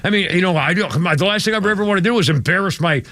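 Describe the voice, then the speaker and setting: A man's voice: sits high, racing, sharp tone, no echo. An older man from the United States hosting a radio talk show, opinionated and rambling with many restarts. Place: radio studio.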